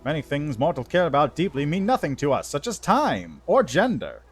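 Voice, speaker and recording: A man's voice: on the high side, very animated, moderate pace, soft background music. A man voicing a solemn, ancient male angel herald in a mock French-tinged, old sci-fi style voice, reading game dialogue.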